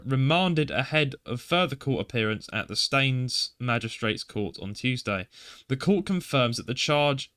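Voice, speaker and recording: A man's voice: mid-range voice, fairly bright tone, clean tone. A man co-hosting a podcast in casual chat, rambling with fillers and restarts, sometimes reading news aloud. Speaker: podcast co-host.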